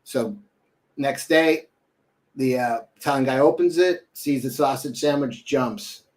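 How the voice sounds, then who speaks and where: A man's voice: medium pitch, a little slow, a little mellow. Rambling man in casual chat. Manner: rambling, fillers, tells jokes with put-on voices. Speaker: co-host.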